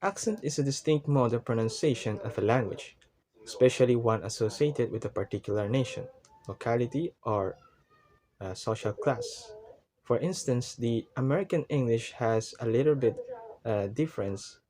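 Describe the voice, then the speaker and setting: Guy reading out a lecture from notes, halting, keeps repeating himself. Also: mid-range voice, warm tone. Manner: reads definitions aloud, halting and repetitive. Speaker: student presenter. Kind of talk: recorded class lecture.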